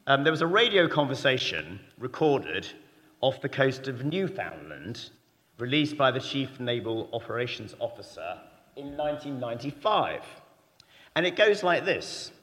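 Lively-voiced male preacher in a reverberant hall. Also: medium pitch, moderate pace. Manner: animated, conversational preaching with rhetorical questions. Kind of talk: sermon. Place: church. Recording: long reverb of a church hall.

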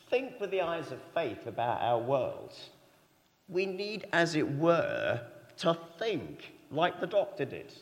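A man preaching a sermon in a church, talking conversationally and asking the congregation rhetorical questions. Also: medium pitch. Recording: long reverb of a church hall.

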